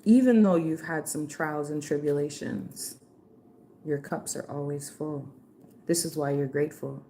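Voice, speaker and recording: A woman with a lowish voice doing a live tarot reading for her viewers. She talks in a loose, slangy, playful way, full of "like" and "okay". A faint hiss of noise sits behind her. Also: unhurried, warm tone. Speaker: tarot reader.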